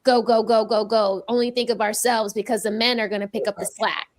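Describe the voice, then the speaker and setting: A young woman hosts a casual panel debate in a fairly high voice. She talks hesitantly, stopping and restarting her sentences as she thinks out loud. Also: fairly even intonation, fairly quick. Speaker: podcast panel host.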